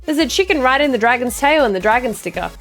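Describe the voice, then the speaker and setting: A woman's voice: high voice, expressive, fast talker, a bit bright, faint music behind. A woman streamer joking and chatting casually with her viewers. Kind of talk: casual live-stream chat.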